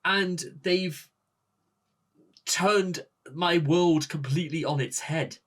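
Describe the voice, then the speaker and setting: A man with a Northern English accent hosting a music reaction video, gushing and halting, with many restarts and rhetorical questions. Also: on the high side, a bit bright. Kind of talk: excited reaction talk to camera.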